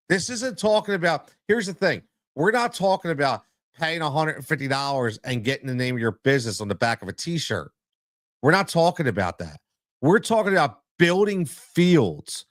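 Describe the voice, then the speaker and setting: A man's voice: a little high, big pitch swings, normal speed, dry recording, studio quality. A man hosting a solo sports podcast as a coach, talking emphatically and repeating his points for stress.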